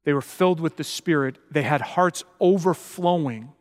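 A man preaching a sermon as pastor, emphatic and building to loud, passionate peaks. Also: a little high, moderate pace, in a large hall.

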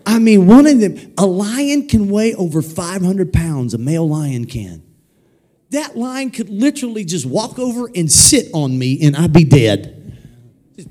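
A man preaching an energetic sermon in a church sanctuary, his voice sitting a little high and swinging widely up and down. He is playful and animated, keeps calling the congregation to say words back to him, and mixes jokes with teaching. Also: a little slow. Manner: animated, playful, prompting the crowd to repeat words. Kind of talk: energetic sermon with call-and-response.

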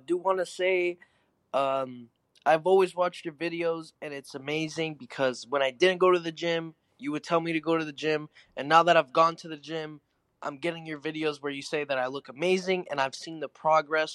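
A man's voice: a little high, steady tone, moderate pace, fairly bright tone, smooth, dry recording. A man calling in to a show, thanking the host in an enthusiastic, grateful, swear-filled way. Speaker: caller. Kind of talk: casual call-in message.

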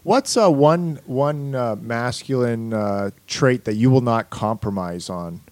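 A man co-hosting a casual comedy chat, with wry deadpan asides. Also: mid-range voice, slow pace. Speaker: podcast co-host.

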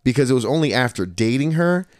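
A man in his thirties at a mid-range pitch, spinning a story in a loose, profane way. He slips into the voices of the people he quotes. The sound is dry and close, with no room echo. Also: fast. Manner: animated, profane storyteller who acts out quotes. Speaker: podcast host. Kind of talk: casual storytelling.

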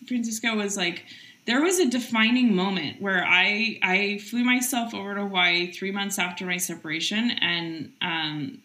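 A woman's voice: mid-range voice, echoey room. A middle-aged woman entrepreneur, a guest in a casual interview, talking energetically with lots of "like" fillers. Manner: energetic, quick, heavy use of "like" fillers.

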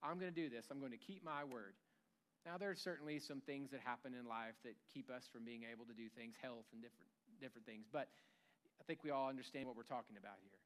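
A man's voice: medium pitch, quick pace. A man preaching a sermon in a church, conversational and humorous, acting out bits of everyday dialogue. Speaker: pastor.

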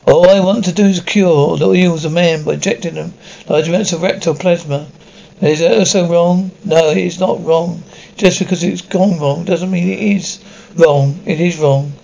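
A man's voice: on the high side, steady tone, normal speed, gravelly, warm tone, highs cut off. An actor playing a bitter, obsessive male mad scientist who lectures pompously and pities himself. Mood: defensive. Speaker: doctor.

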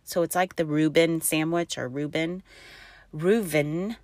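Chatty middle-aged woman, lowish voice. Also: fairly even intonation, moderate pace, dry recording. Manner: chatty and rambling, many restarts and quoted dialogue. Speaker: mother telling a birth story. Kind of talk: casual storytelling.

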